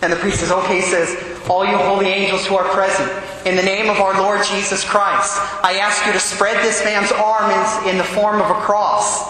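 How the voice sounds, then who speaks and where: A man's voice: high voice, little pitch movement, moderate pace, bright, forceful tone, a little hiss or hum. A man, a priest, preaching a sermon and telling vivid stories, acting out the voices in them. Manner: vivid storyteller, acts out quotes. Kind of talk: sermon with storytelling. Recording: echoey church hall with long reverb.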